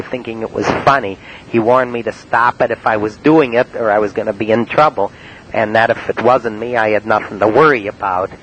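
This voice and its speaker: Cleveland guy rambling slow with lots of uhs, lowish voice, faint tape hiss. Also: low-quality recording. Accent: Cleveland, Ohio. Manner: halting, full of uh and um, flat telling. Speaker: narrator recounting his prank calls. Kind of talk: rambling spoken-word monologue.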